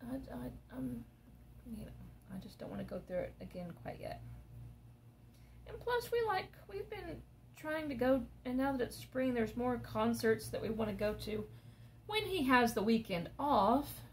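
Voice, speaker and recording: A woman tells meandering stories in a casual, chatty way while she works on a craft. Her voice sits at an ordinary middle pitch, with a gravelly, creaky edge running through it, and a faint hum of noise hangs underneath. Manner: rambling, chatty storytelling. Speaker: crafting vlogger.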